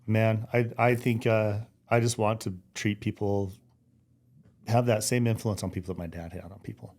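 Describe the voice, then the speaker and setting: A man's voice: on the low side, steady tone, moderate pace, darkish tone. A middle-aged man speaking as a podcast guest, talking earnestly and with feeling, teary-eyed at times and often restarting his sentences. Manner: earnest, heartfelt, many restarts. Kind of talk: emotional interview.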